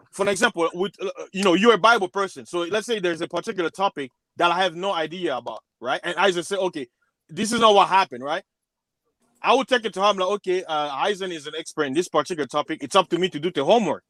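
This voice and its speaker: A man's voice: sits high, fast, fairly bright tone, dry recording. A man on a discussion panel who argues in long, rambling loops and keeps restarting his sentences. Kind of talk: panel debate.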